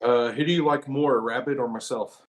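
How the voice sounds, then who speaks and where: Man tossing quick offbeat questions. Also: medium pitch, fairly even intonation. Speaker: podcast co-host. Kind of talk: casual interview.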